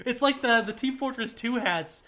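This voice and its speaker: Bright-voiced rambling gaming streamer. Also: medium pitch. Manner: rambling, many fillers. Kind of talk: casual gaming stream chat.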